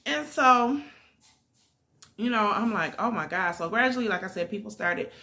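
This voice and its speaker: A woman's voice: on the high side, lively intonation, moderate pace, sharp tone. A middle-aged woman vlogger telling a personal story in a casual, emphatic way, with fillers.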